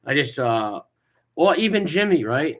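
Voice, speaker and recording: A man's voice: a little high, big pitch swings, unhurried. A man hosting a casual livestream, mocking a clip he plays and greeting viewers in the chat. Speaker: livestream host reacting to a clip.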